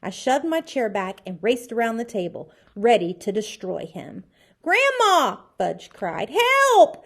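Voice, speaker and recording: Woman teacher reading a kids book out loud, really lively and expressive. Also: mid-range voice, normal speed, creaky, breathy edge. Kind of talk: reading a children's book aloud.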